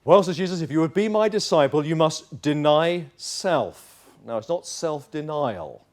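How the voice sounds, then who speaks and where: A man's voice: medium pitch, a little mellow. A male pastor preaching a sermon in church, emphatic and acting out little dialogues.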